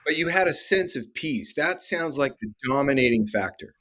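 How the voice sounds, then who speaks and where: A male podcast co-host, conversational and curious, nudging his guest with short, gentle follow-up questions. His pitch sits in an everyday middle range. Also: animated, moderate pace, slight background noise. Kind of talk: conversational interviewing.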